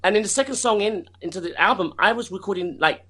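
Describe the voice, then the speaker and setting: Bright-voiced man chatting animatedly. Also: sits high, fast talker, slightly rough. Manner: animated, many restarts and laughs. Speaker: singer being interviewed. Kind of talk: casual interview chat.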